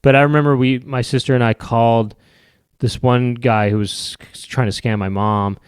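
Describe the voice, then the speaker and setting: Male podcast host, wry casual rambling, mid-pitched, dry close sound. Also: fairly even intonation, moderate pace, clear, resonant tone, no echo. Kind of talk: casual comedic monologue.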